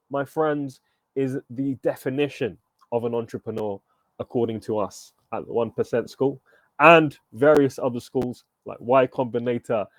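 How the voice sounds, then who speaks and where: A man coaching an online entrepreneurship workshop, energetic and upbeat, asking viewers for thumbs up and comments. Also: fairly high pitch, no room sound. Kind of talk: live online workshop teaching.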